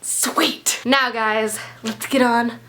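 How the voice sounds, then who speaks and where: A young woman from the United States, a book vlogger talking casually and excitedly, gushing with lots of "like" fillers. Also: a little high, normal speed. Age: young adult. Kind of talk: casual book haul chat.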